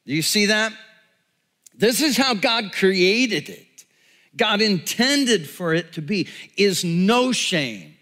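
Male pastor, sermon delivery, bright tone, slow deliberate pace, animated storytelling. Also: sits high. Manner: storytelling, animated, drops to hushed tones.

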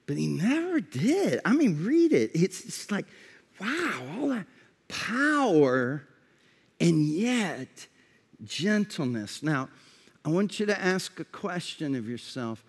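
A man preaching in a relaxed, conversational way, often restarting his phrases and dropping to a soft, slow voice for reflective questions. His voice sits fairly high and unhurried. The sound rings with the long reverb of a large hall. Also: husky. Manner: conversational preaching with repeated false starts. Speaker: pastor. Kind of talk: sermon.

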